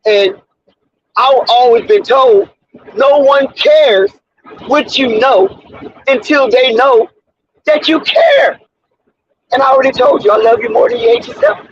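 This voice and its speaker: A man with a high, husky voice delivers a sports rant like a sermon, hammering points home with repetition and street slang. His pitch swings freely. The audio is dull and lo-fi. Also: very animated, unhurried, long pauses, no room sound. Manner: preachy, repetitive, emphatic street talk. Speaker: sports commentary host. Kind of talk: off-the-cuff sports commentary monologue.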